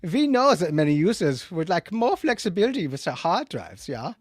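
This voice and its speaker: A man's voice: sits high, big pitch swings, moderate pace, no echo, clean studio sound, pitched above the performer's own voice. Man putting on a stiff German support rep. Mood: mock-formal. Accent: German (put on). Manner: stiff, formal, mock-polite. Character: polite male corporate support rep with a German accent.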